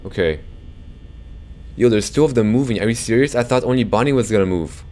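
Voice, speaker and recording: A young man commentating a horror game for his viewers, jumpy and quick to swear when startled, talking to the audience as he plays. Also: lowish voice, lively intonation, darkish tone. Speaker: gaming YouTuber.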